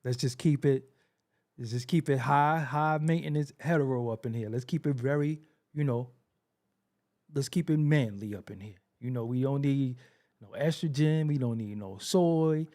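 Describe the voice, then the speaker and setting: A man's voice: mid-range voice, normal speed, mellow. A man hosting a hip-hop commentary show, ranting brashly with profanity and frequent laughter. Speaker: host.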